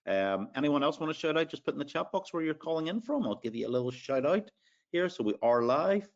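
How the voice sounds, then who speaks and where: A man's voice: fairly high pitch, sing-song, a little fast, dull audio. A man with an Irish accent hosts a live sales webinar. He talks in a chatty way, with many fillers, and reads out audience names as he goes. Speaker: webinar host.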